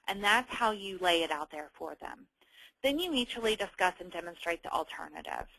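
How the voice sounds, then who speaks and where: A woman, an HR manager, giving a conversational webinar presentation, often pausing on ums and restarting her sentences. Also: on the low side, big pitch swings, vocal fry, bright, forceful tone, no room sound, poor audio.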